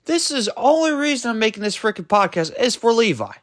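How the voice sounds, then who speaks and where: Exasperated male podcaster, lively pitch. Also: fast, dry recording, clean studio sound. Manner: exasperated and emphatic, with frequent rhetorical questions; loose and rambling, trips over words and self-corrects. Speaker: podcast host. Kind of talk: solo sports podcast rant.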